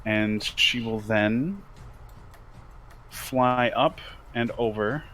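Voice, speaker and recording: A man playing a tabletop game, describing what his character does, slow and lively with sudden jumps in pitch. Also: slight background noise. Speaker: player.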